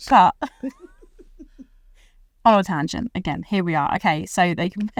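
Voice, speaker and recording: A woman's voice: on the low side, unhurried, no echo. Chatty British woman hosting a podcast. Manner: rambling, chatty, full of likes and laughs. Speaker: podcast host. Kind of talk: casual chat. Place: recording studio.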